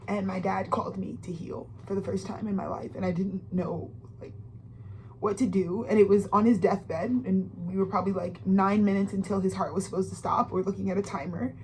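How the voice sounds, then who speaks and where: A woman's voice: mid-range voice, a little mellow, a little hiss or hum. Heartfelt rambling woman in her twenties. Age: 20s. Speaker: astrology tarot reader. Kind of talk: emotional monologue reading.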